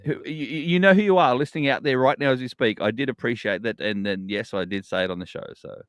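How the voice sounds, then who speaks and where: A man's voice: mid-range voice, quick pace, clean tone, dry recording. A man, co-hosting a casual podcast and joking around with his partner. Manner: chatty, teasing, animated storytelling. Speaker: podcast co-host.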